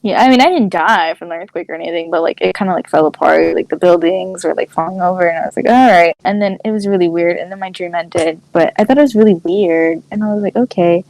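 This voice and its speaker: A young woman co-hosting a podcast, telling a dream story in animated casual chat, full of "like" fillers. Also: fairly low pitch, quick pace, few pauses, dry recording, poor audio. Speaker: podcast co-host.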